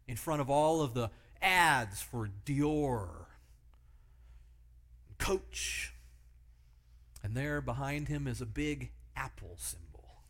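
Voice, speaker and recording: A man's voice: medium pitch, a bit bright. A man preaching a sermon, telling vivid illustrative stories and asking the listeners rhetorical questions.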